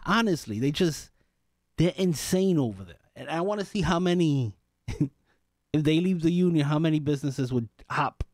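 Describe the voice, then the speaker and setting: A man's voice: on the high side, darkish tone, dry recording. A man hosting a political talk radio show, venting in an exasperated, rambling way with frequent restarts and sighs, at a studio microphone.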